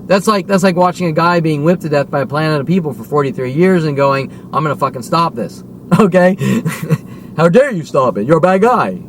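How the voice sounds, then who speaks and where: A high-pitched man in his forties vents in a long, furious monologue, swearing freely. He hammers his points home and keeps demanding "okay?" of an unseen audience. A soft wash of car noise sits underneath. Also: expressive, moderate pace. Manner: heated, profane, repeatedly demanding "okay?". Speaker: vlogger. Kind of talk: angry ranting monologue.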